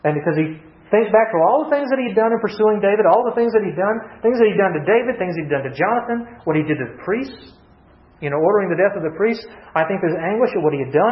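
A man preaching a conversational Bible sermon, earnestly repeating key phrases and asking the congregation questions before answering them. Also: fairly high pitch. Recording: echoey dull-sounding room recording.

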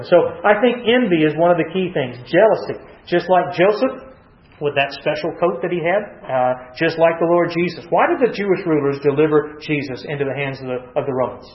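A man with a high voice leads a Bible class, reading verses aloud and questioning his listeners. He answers his own questions and explains each passage in plain words. The sound is dull and lo-fi, and it echoes around a live room. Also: animated, a little fast. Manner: asks the class questions and answers them himself. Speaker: Bible study teacher.

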